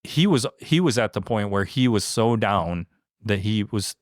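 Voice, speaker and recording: A man's voice: lowish voice, lively intonation, measured pace, no echo, studio quality. A man who owns a small business, speaking in a casual interview, earnest and heartfelt, with many fillers and restarts. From Michigan. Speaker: franchise owner, interview guest.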